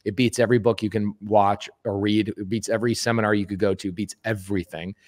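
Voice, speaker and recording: A man talking as a guest on a podcast, emphatic and animated, who acts out quoted speech and repeats words for emphasis. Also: fairly low pitch, quick pace. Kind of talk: casual podcast conversation.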